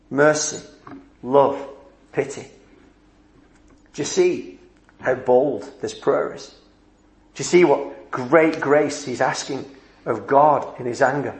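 Male preacher, deliberate and emphatic, unhurried pace, roomy church sound. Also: mid-range voice. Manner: slow, emphatic preaching with dramatic pauses. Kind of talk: sermon.

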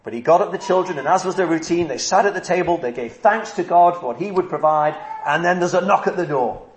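A man's voice: fairly high pitch, quick pace, a little hiss or hum. A man preaching a sermon, earnest and emphatic, repeating his key phrases. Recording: echoey room.

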